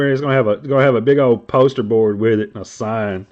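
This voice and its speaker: A man's voice: medium pitch, steady tone, fast talker, muffled recording. A man hosting a trading card stream, rambling and joking crudely in casual chat.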